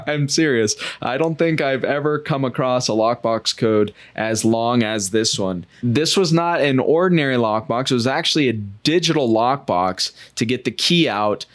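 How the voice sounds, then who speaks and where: A man's voice: medium pitch, expressive, moderate pace. A man hosting a podcast, telling a travel story in a chatty, self-joking way. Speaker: podcast host. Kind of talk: casual podcast monologue.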